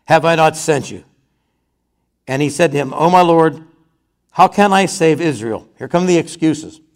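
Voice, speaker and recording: A man's voice: a little high, moderate pace. A man preaching a conversational sermon, reading scripture aloud and then retelling it in his own words.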